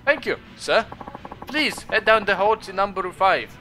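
A man's voice: high voice, lively intonation, unhurried, soft background music, pitched above the performer's own voice, full character voice. A man voicing a polite, eager male clerk with a put-on accent. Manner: put-on accent, loud and bright.

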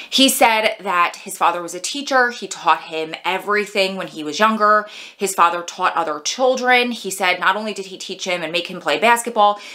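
Bright, chatty woman reviewing a film. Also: medium pitch. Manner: chatty, heartfelt, expressive. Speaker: movie reviewer vlogger. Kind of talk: casual movie review.

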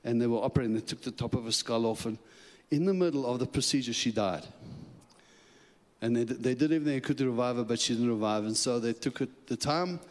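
A man preaching as a guest speaker, telling a personal story with lively, chuckling asides in which he acts out his own thoughts. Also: medium pitch, fast talker. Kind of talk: sermon storytelling. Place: church sanctuary. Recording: long church hall reverb.

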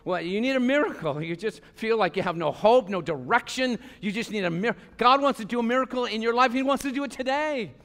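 A man preaching a passionate sermon as pastor of a church, swinging between loud calls and quiet asides. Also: extremely high pitch, fast, hardly any pauses. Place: church sanctuary. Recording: long hall reverb.

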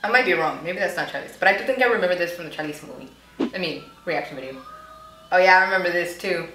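A woman's voice: on the low side, racing, bright, forceful tone. Young woman chatting through a reaction vid, giggly, kinda echoey room. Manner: chatty, giggly, voices the people on screen playfully. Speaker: YouTube reaction host. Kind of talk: casual reaction commentary. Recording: echoey room with faint noise.

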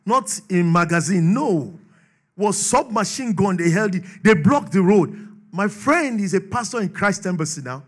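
A Nigerian man preaching a sermon, swinging from shouted declarations to low asides and laughing often. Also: lively intonation, moderate pace. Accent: Nigerian English. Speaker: pastor.

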